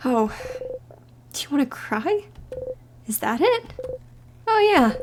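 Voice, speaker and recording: A woman streamer narrates a game playthrough in an expressive way. Her voice is high and gravelly and moves widely between hushed and loud. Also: background noise.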